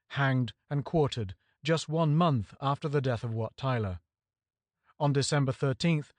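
A man reading a history book aloud in a measured, even audiobook narration. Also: medium pitch, no room sound. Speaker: audiobook reader.

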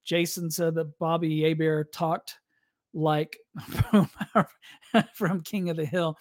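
A man hosting a casual sports podcast, rambling and halting with lots of fillers and restarts while he reads viewer comments. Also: fairly high pitch, level tone, darkish tone, no room sound, studio quality. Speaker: podcast host. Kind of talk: casual live-stream sports podcast chat.

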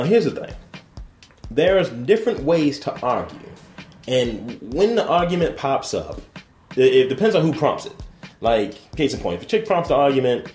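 A man's voice: mid-range voice, a little mellow. A podcast co-host rambles through crude, profane banter, his voice swinging up and down with plenty of laughter. He sounds like he is in a roomy, echoey space, with faint music underneath.

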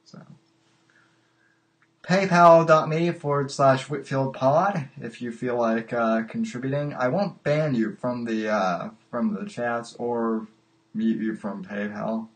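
Male call-in show host, slow and stammering, laughing at callers. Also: mid-range voice. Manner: halting, repeats his words, laughs often. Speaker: podcast host. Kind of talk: live call-in show chat.

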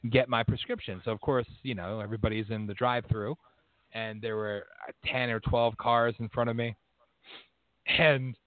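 Hosting a casual conversation, a man tells a story bluntly and with plenty of profanity, growing more worked up as it goes. His voice is medium-pitched with no echo, coming through tinny phone-line audio.

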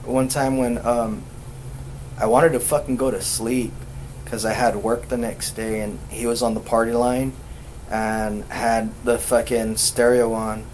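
A man casually telling a ghost story on a podcast, swearing constantly and rambling, acting out quoted lines louder. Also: mid-range voice, little pitch movement, a little slow, slight background noise, low-quality recording. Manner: profane, rambling, acts out quotes loudly. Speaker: podcast co-host.

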